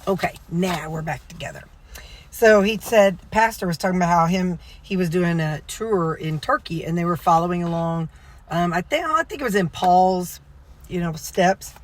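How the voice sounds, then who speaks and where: A woman's voice: on the low side, moderate pace. A woman vlogger in a car, casually retelling a sermon in a rambling way, full of fillers and self-corrections. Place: inside a car.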